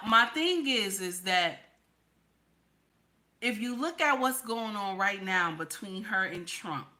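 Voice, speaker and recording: Speaking directly to her audience in a casual political vlog, this online commentator from the New York/New Jersey area has a bright, forceful, mid-range voice. She's blunt and emphatic, repeating lines to drive her points home, though the audio quality is poor.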